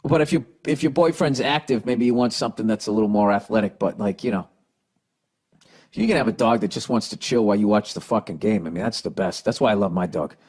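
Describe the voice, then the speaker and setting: A man's voice: on the low side, fast, a little mellow, husky. A man with a Boston accent hosting a podcast, giving blunt, sarcastic, profane advice as he reads listener letters, with the hiccups. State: has the hiccups. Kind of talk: casual podcast advice rant.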